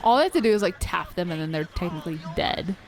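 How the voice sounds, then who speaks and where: A woman's voice: lowish voice, lively intonation, quick pace, slight background noise, low-quality recording. A young woman playing a video game, mostly giving short replies and swearing at the game. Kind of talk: casual chat while playing.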